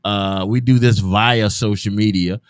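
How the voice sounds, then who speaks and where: A man's voice: fairly low pitch, steady tone, measured pace, clear, resonant tone, no room sound, studio quality. A man hosting a radio show, bantering loosely and joking with his guests. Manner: loose, joking, swears freely. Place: radio studio.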